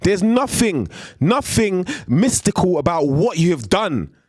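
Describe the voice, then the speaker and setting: A man's voice: high voice, sing-song, unhurried, darkish tone, no echo. A man ranting on a live stream in a heated, emphatic way, repeating slang tags as he goes.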